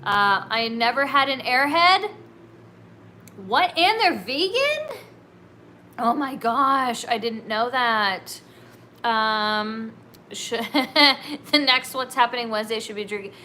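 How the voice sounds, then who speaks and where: A woman's voice: on the high side, big pitch swings, slow, pushed and bright, a little hiss or hum. A woman from California hosting a casual solo livestream, bubbly and giggly, saying "like" and "dude" a lot. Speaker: livestream host.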